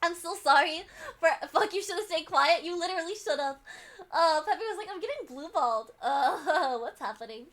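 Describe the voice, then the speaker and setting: A woman's voice: extremely high pitch, normal speed, a bit bright. A woman streamer chatting casually with viewers, giggly and apologetic, swearing now and then. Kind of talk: casual live-stream chat.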